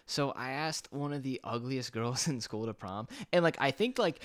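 A young man hosting a casual podcast chat, laid-back and quick to laugh. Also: medium pitch, animated, a bit bright, no echo, clean studio sound.

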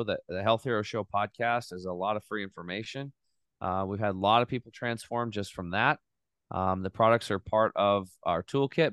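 Animated man, smooth low voice. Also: no echo, studio quality. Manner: animated, swears casually. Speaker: podcast guest. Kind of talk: casual storytelling.

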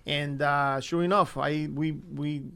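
Gravelly-voiced man with earnest repetitions. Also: a little high, steady tone, slow pace, pushed and bright. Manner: earnest, repeats words, frequent fillers. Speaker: guest, former baseball coach. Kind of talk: casual interview chat.

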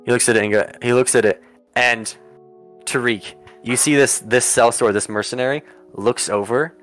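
A man narrating as game master for a tabletop campaign, rambling with lots of fillers and quick in-character asides. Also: mid-range voice, steady tone, a bit bright, faint music behind.

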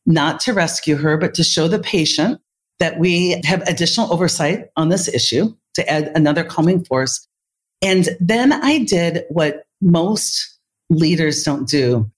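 A woman with a slightly lower voice tells a workplace story in an interview. She speaks as a leader in healthcare. Her delivery is animated and vivid.

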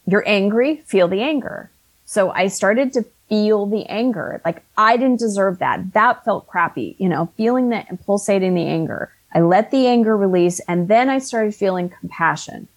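A woman's voice: medium pitch, lively intonation, normal speed. A woman in her fifties, an author and life coach, telling a personal story in an earnest, conversational way with frequent restarts.

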